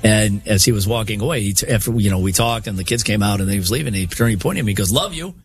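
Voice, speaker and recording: A man's voice: on the low side, very fast, soft background music. A man with a wife and daughters, co-hosting a show and telling stories in casual, emphatic banter. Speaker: radio show co-host.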